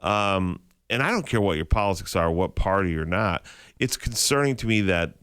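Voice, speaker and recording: A man co-hosting a morning radio show, telling stories in casual banter and putting on calm pilot voices. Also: low-pitched, normal speed, smooth, dry recording, studio quality. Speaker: radio co-host. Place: radio studio. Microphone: studio mic.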